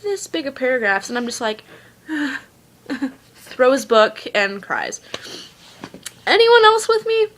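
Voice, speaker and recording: A woman's voice: fairly high pitch, bright, forceful tone. A young woman vlogging a casual, exasperated rant, talking chattily with lots of "like" and "I'm like". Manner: chatty and exasperated, heavy use of "like". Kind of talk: casual book rant to camera.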